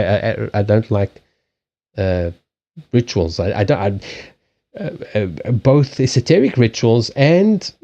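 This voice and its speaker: Male stream host, rambling and animated, mellow tone, dull lo-fi sound. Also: fairly low pitch. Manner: rambling, swearing, laughing, with frequent restarts. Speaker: livestream host and card reader. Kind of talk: casual live-stream chat.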